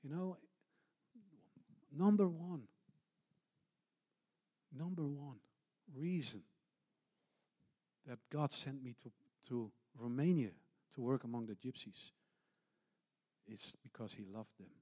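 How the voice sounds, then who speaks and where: A man, a pastor and missionary, preaching a testimony sermon, swinging between loud passages and hushed, near-whispered ones, with slightly non-native English phrasing. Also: mid-range voice, takes it slowly, long pauses, husky.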